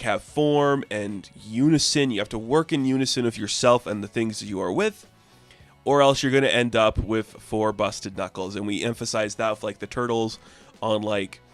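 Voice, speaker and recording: Casual male comic book reviewer. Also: fairly low pitch. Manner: enthusiastic, loose, lots of "like" fillers.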